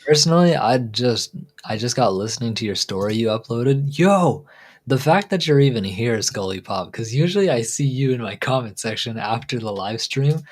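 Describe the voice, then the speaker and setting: A man's voice: medium pitch, expressive, moderate pace. A man hosting a live stream, chatting casually and rambling with a laugh. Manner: laid-back, rambling, laughs at own jokes. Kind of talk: casual chat.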